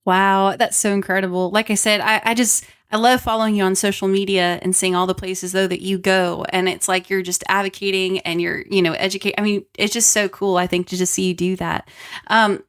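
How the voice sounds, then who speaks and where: A woman hosts a podcast interview at an everyday, mid-range pitch. She speaks with admiration for her guest, stumbling over and repeating words as she builds her questions. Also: flat delivery, brisk, clear, resonant tone. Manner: warm, admiring, repeats words while searching. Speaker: podcast host. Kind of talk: casual interview talk.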